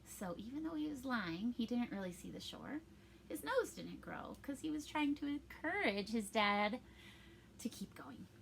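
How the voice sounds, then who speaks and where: A woman's voice: fairly high pitch, big pitch swings, measured pace, creaky, a little hiss or hum. A young woman reading a storybook aloud to children, adding chatty explanations for young listeners.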